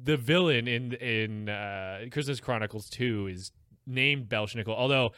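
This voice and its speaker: A man's voice: medium pitch, unhurried, sharp tone, smooth, no room sound, clean studio sound. A man in casual conversation as a podcast co-host, rambling and chatty, laughing often. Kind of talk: casual chat.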